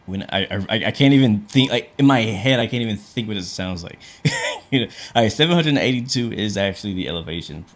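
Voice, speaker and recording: Low-voiced man casually streaming a flight sim. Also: expressive, a little fast. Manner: chatty, talks through each step, answers chat; frequent fillers and restarts. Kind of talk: casual livestream commentary.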